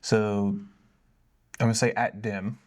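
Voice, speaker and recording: Low-voiced guy reading out chat questions, kinda stumbly. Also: little pitch movement, slow. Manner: reads questions aloud, a bit stumbling and self-mocking. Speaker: co-host reading viewer questions. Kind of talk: casual Q&A livestream.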